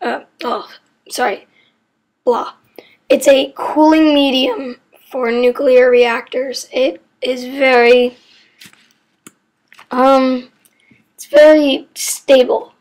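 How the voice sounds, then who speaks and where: High-voiced rambling student explainer. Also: female voice. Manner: rambling, often sidetracked and self-correcting; apologetic, unsure asides. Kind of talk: casual educational explainer.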